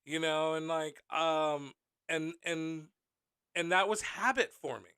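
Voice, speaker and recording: Bright, crisp-voiced man telling stories. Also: on the high side, takes it slowly, no room sound. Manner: candid storytelling, swearing freely, acting out quotes. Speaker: podcast host. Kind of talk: casual podcast conversation.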